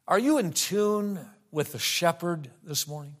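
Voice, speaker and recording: A middle-aged man delivers a sermon in a high, light voice. He tells a homey story with easy asides, then slows right down when he quotes scripture. His manner is warm, plain pulpit storytelling. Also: lively intonation. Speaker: pastor.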